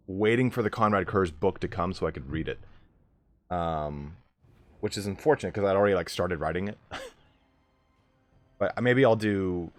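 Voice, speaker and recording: A man streaming a strategy game live, chatting casually with viewers, swearing freely and breaking into excited outbursts. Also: sits low. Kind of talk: casual live gameplay commentary.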